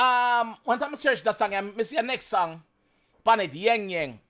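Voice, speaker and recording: A man's voice: high-pitched, animated, normal speed, sharp tone. A Jamaican man hosting a reaction video, chatting casually in patois and chuckling often.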